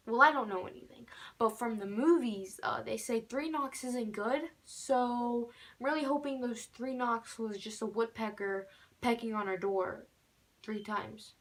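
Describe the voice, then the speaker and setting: Her voice sits on the high side, steady and measured in pace. She's a teen vlogger rambling through a casual storytime, full of fillers and restarts, and she keeps saying "normal."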